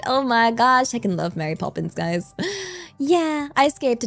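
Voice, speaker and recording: Her mid-range voice is expressive and normally paced, with faint music behind, as this playful, giggly Englishwoman with a West Country accent talks casually to her stream. She thanks her chat in Japanese.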